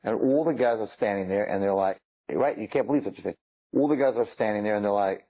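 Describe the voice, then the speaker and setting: A man casually telling stories aloud in an animated way, often restarting his sentences. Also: fairly low pitch, quick pace, slightly rough, rough recording. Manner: animated, with frequent restarts and Hebrew words. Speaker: storyteller. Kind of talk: casual spoken storytelling.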